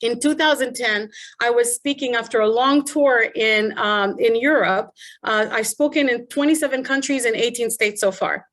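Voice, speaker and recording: A woman's voice: a little high, normal speed, a bit bright. A middle-aged woman coaching public speakers in an online presentation, telling stories animatedly and asking rhetorical questions.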